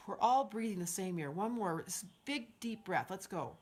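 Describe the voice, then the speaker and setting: Through a livestream setup comes a slightly rough, animated woman's voice of medium pitch at normal speed. She's a sixtysomething astrologer hosting the stream, effusive and encouraging as she reads viewer comments aloud and has everyone breathe together.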